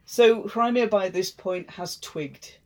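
A woman's voice: mid-range voice, slow pace, darkish tone, rough recording. A woman hosting a podcast, retelling a myth in a chatty, wry way. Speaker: podcast host.

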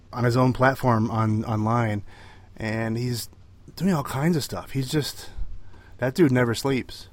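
A man's voice: mid-range voice, no room sound. A man co-hosting a podcast in casual chat, rambling with many fillers and restarts. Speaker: podcast co-host.

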